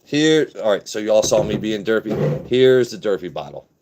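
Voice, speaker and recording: A man from Southern Maryland hosting a casual livestream, talking to his chat and letting his voice drop deep and blunt. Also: very animated, normal speed, background noise. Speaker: livestream host.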